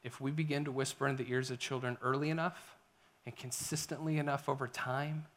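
A middle-aged man preaching a sermon as a pastor, animated, swinging between loud emphasis and hushed whispers. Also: mid-range voice, brisk.

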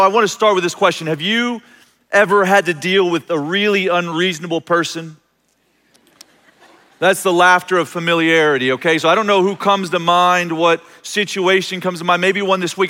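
A man's voice: sits high, bright, forceful tone. A man preaching a sermon, telling a personal story and acting out the voices in it with restarts. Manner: storytelling, acts out quoted voices, self-interrupting restarts. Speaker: pastor. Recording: long reverb of a large hall.

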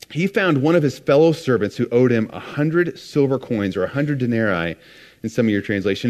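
A man's voice: mid-range voice, darkish tone. Man preaching in a conversational way. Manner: conversational, retelling scripture with asides. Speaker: pastor. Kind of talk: sermon.

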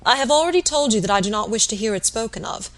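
A woman reading aloud as an earnest young gentleman, formal and firm, pleading with a sick man. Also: mid-range voice, moderate pace, lightly acted, low-quality recording. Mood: stern.

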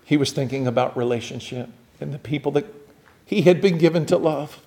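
A man preaching a sermon, building up to loud, rising emphasis and then dropping to a hushed, quiet delivery. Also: fairly high pitch, brisk, gravelly. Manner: dramatic, swelling to loud emphasis and dropping to near whispers.

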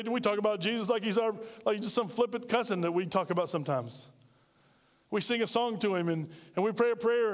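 High-voiced preaching pastor, church reverb. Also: male voice. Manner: emphatic preaching with rhetorical questions. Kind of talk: sermon.

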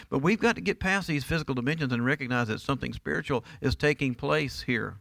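Middle-aged male pastor, bright and slightly high voice, emphatic sermon delivery, dry sound. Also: fast talker, vocal fry, few pauses, no echo. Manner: emphatic, asks the congregation rhetorical questions. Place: church.

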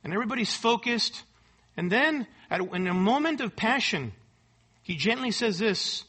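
A man's voice: high-pitched, animated, fairly quick, pushed and bright, breathy edge. A man preaching an expository sermon at a church service. He talks emphatically, repeats key words and often asks "right?". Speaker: pastor.

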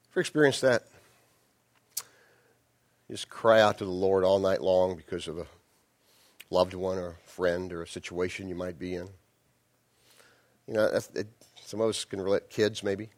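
A man's voice: sits low, darkish tone. A male pastor preaching in a conversational way, with frequent restarts and asides to the congregation. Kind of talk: sermon.

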